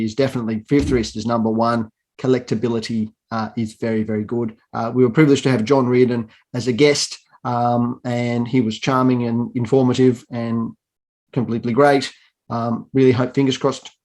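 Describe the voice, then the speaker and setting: Guy hosting a jokey podcast award from home, dry teasing humor, video call sound. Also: mid-range voice. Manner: dry self-mocking humor. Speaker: awards presenter. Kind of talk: tongue-in-cheek awards hosting.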